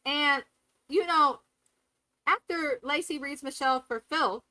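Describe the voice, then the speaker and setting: A woman's voice: sits high, slow, pushed and bright, no echo, low-quality recording. A woman hosting a live reality TV recap, talking candidly and profanely and acting out cast members' lines. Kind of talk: live casual review commentary.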